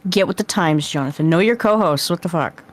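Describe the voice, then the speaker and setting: Low-ish woman co-host, blunt, teasing the host. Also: brisk, no echo. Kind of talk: casual reaction chat.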